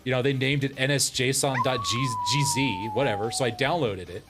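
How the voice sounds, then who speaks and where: A man's voice: mid-range voice, huge pitch swings, brisk, over loud music. A man streaming as a VTuber, ranting in casual, profane exasperation and breaking into laughter. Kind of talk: casual livestream rant.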